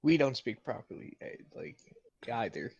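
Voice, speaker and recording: A young man chats on a podcast in a rambling, loose way, often hunting for the right word. His mid-pitched voice comes through a dull, lo-fi microphone. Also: big pitch swings, normal speed, gravelly, darkish tone, breathy edge. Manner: rambling, giggly, searches for words. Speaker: podcast co-host. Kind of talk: casual chat. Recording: dull lo-fi mic.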